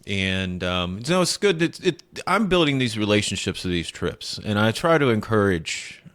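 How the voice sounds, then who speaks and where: A man's voice: fairly low pitch, sing-song, moderate pace, fairly bright tone. A man hosting a conversational interview, steering it with easygoing prompting questions. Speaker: podcast host.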